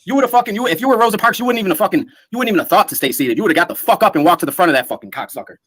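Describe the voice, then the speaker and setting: A man's voice: sits high, animated, no echo. A man on an online panel, ranting and hurling profane insults. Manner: shouting insults, profane, rapid tirade. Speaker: panel speaker. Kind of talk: heated online panel argument.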